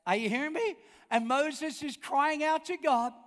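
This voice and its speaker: Speaking at normal speed, a pastor with a very high, slightly bright voice delivers an emphatic, repetitive sermon. He keeps prompting the congregation for responses, and the sound carries the long reverb of a large hall.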